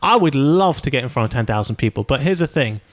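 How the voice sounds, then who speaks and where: A man's voice: mid-range voice, animated, quick pace. Chatty, enthusiastic male podcast host. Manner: chatty, enthusiastic, frequent reactions. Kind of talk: conversational interview.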